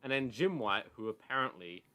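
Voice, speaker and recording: A man's voice: medium pitch, expressive, fairly quick, pushed and bright. A man co-hosting a podcast over a video call, chatting casually about football and mocking the pundits he retells. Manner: rambling, mocking storyteller. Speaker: podcast co-host.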